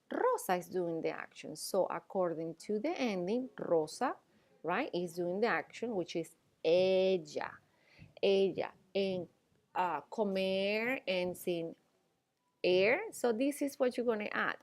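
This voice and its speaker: Patient woman teaching, checking in often. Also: medium pitch. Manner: explains slowly with frequent "okay?" and "all right?" checks. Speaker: Spanish teacher. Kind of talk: classroom lecture.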